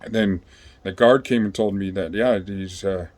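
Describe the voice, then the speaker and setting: A man with a fairly low voice tells a story in a loose, rambling way. He swears freely and keeps filling pauses with ums and you-knows. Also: a little mellow. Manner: rambling, profane, with many fillers. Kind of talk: casual storytelling.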